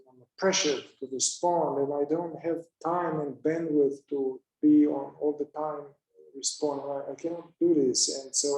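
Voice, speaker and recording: Halting man, echoey room. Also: on the high side, mellow. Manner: halting, searching for words, many restarts. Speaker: somatic therapist. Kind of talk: reflective talk.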